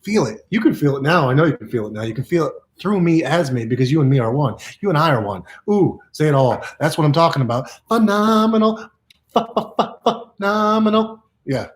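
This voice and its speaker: A man's voice: mid-range voice, expressive, quick pace, few pauses. A man giving playful, repetitive self-help affirmations to camera, exuberant and goofy, laughing often.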